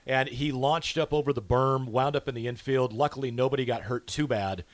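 A man's voice: mid-range voice, fairly even intonation, a little fast, no echo. A man hosting a local radio talk show, upbeat and reading out listener texts. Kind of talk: casual radio chat. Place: radio studio.

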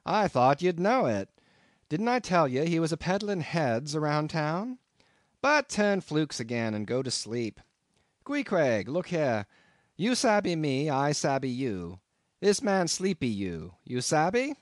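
A man voicing a grinning, easygoing male innkeeper who talks in an amused, drawn-out way. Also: on the high side, very animated, dry recording, clean studio sound, voice pushed up.

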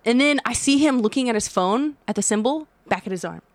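A woman's voice: a little high, lively intonation, brisk, no room sound. A young adult woman, a tattoo artist, telling a story in casual podcast chat, swearing freely and acting out her own reactions.

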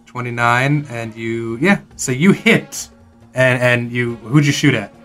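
A man's voice: mid-range voice, measured pace, soft background music. A man narrating and running a tabletop role-playing game in a casual, chatty way. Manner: relaxed, chatty narration with fillers. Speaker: game master.

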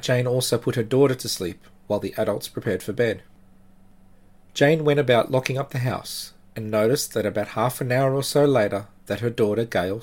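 A man hosting a podcast, narrating true creepy stories in a measured, dramatic way with slow pauses. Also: medium pitch. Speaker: podcast host.

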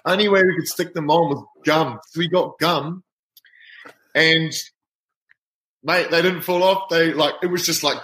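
Animated New man, echoey room. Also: a little high, moderate pace. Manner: animated, laughing anecdote teller. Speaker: rugby player guest. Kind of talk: casual storytelling.

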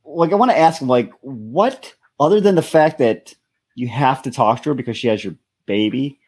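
Exasperated, husky-voiced podcast co-host. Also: male voice, medium pitch, expressive, normal speed, a little mellow. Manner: exasperated, ranting commentary. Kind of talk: casual comedic podcast chat.

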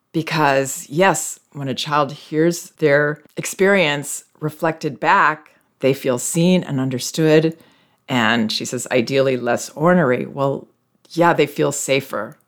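A parenting advice host speaking calmly and reflectively as they answer listener questions. They explain patiently and reassure parents. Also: mid-range voice.

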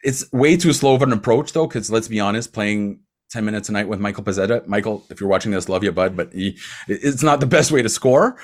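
Animated man talking hockey. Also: on the low side. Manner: animated, laughs often, quick asides. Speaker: hockey commentator. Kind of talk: casual sports chat.

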